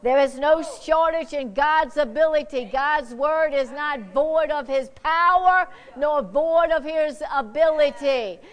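High-voiced woman pastor preaching slowly. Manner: fervent preaching, swinging from shouts to hushed prayer. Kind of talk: sermon.

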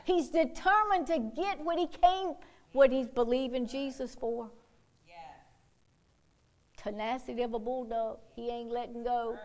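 A woman preaching a sermon with fervor, whooping and calling out hallelujahs, swinging from quiet asides to loud, bold exhortation. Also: fairly high pitch, measured pace, pauses often. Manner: fervent, punctuated by whoops and hallelujahs.

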